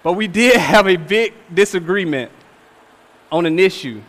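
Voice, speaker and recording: A young man in his twenties delivers a sermon with a high, lifted voice, driving his points home with repetition and a recurring "all right?". His words ring out with a long reverb through a church sanctuary. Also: animated, normal speed, a bit bright. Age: 20s. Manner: emphatic, repeats phrases with rhetorical "all right?". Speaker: preacher.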